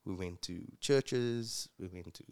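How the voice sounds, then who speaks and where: Gravelly low-voiced man. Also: slow pace. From South Africa. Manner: earnest, reflective, with many fillers. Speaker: guest and future co-host. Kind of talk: casual interview storytelling.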